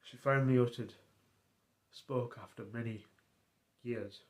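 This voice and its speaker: A man casually recaps a roleplay story for his stream in a rambling, halting way. His voice sits at an ordinary middle pitch. He restarts phrases often and leans on fillers as he goes. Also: fairly even intonation.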